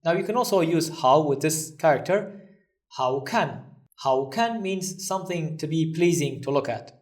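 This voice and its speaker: A man teaching a recorded language lesson, patiently repeating each phrase slowly and then translating it. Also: fairly high pitch, expressive, far from the mic.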